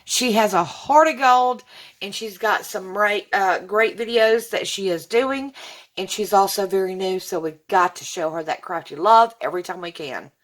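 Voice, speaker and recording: A woman's voice: mid-range voice, normal speed, fairly bright tone. A woman, gushing as she unboxes gifts in a casual vlog. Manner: gushing and effusive, says y'all. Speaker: vlogger.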